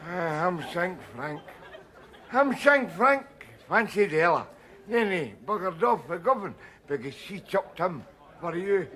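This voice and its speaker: An actor playing a rough, cynical Scottish drinker in a TV sitcom, talking in a combative, scornful way. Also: male voice, sits high, very animated, unhurried, bright, forceful tone, heavily acted. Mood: grim. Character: rough middle-aged man, cynical, argumentative drinker. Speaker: unemployed drinker Rab. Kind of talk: TV sitcom acting.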